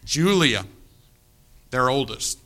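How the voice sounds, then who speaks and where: An older man preaching a sermon, telling stories, moving between hushed asides and emphatic points. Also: mid-range voice, animated, slow pace, faint music behind.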